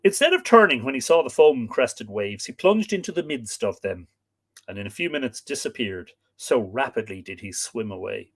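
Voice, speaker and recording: A man's voice: mid-range voice, expressive, normal speed, slightly rough. A man hosting a live stream, reading old myths aloud, chatting with viewers and stopping to work out pronunciations.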